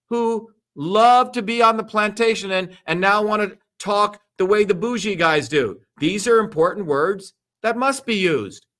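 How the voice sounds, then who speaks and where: A man delivers a heated, profane livestream speech. His voice sits high and cuts with a forceful edge. He hammers his points through repetition. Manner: emphatic, repetitive, crude and profane. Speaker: political candidate speaking on a livestream.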